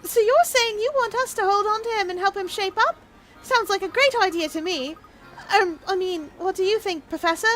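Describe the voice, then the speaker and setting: A woman doing a bright, eager boy apprentice. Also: very high voice, moderate pace, soft background music, voice pushed up. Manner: eager, exclamatory.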